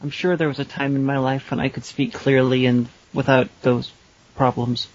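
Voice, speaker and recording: English man with dry pauses. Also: mid-range voice, flat delivery. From England. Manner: dry, deliberate pauses, hesitant with ums. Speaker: podcast co-host. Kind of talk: casual chat. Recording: dry, somewhat dull lo-fi audio.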